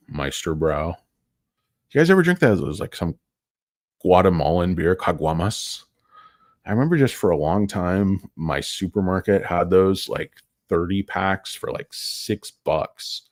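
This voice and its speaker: Middle-aged male stream host, very low voice, dry close sound, rambling and crude. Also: no echo. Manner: crude joking asides, tangents, loud bursts. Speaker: stock market livestream host. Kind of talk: rambling casual market commentary.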